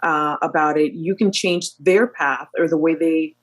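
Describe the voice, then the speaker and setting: A woman in her thirties, an airline captain, telling stories in an animated way as a guest on a podcast, with many fillers. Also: deep voice, measured pace. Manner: animated storyteller, full of fillers. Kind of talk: storytelling interview chat.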